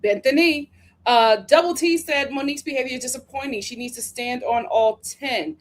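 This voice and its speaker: An American woman hosting a live review stream. She reads viewer comments aloud and answers them in slangy, chatty talk, laughing often and drifting into quick asides. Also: high voice. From United States. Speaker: reality TV reviewer hosting a livestream. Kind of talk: casual livestream commentary reading viewer comments.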